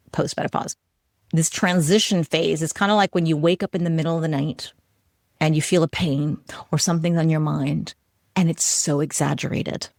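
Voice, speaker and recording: Chatty woman host with a low gravelly voice. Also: no room sound, studio quality. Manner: chatty, animated, laughs often. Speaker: podcast host. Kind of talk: solo educational talk.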